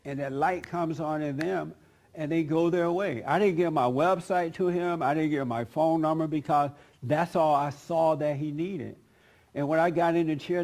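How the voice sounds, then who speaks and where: A man's voice: fairly high pitch, creaky, a little mellow. A man pastor telling a story in a sermon, retelling a conversation and acting out both sides. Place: church service.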